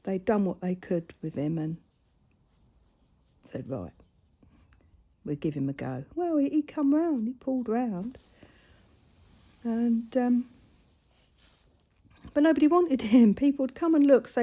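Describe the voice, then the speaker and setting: A woman's voice: medium pitch, lively intonation, moderate pace, long pauses, dull audio. A woman, a mother with a grown daughter, chatting casually and rambling through a personal story while she colours, her voice often dropping to a near-whisper. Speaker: crafting vlogger.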